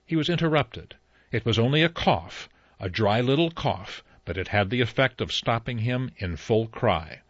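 A male audiobook narrator with a low voice and a lively, expressive line. He tells the story in an even, unhurried way. The recording is dry and close, slightly dull in tone. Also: no room sound. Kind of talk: scripted narration.

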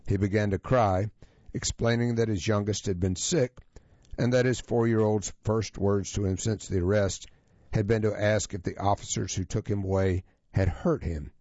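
A man presenting a magazine feature as scripted narration, reading in a measured, even manner. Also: on the low side, no room sound. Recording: dull, lo-fi, dry sound.

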